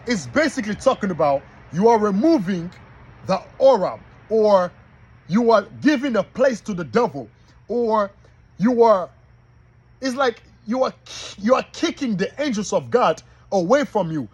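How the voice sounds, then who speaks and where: A man teaching from the Bible like a preacher, reading verses slowly and asking the listeners if they are following him. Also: high-pitched, sing-song, darkish tone, breathy edge. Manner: reads verses slowly and repeats them. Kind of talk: street-style bible teaching.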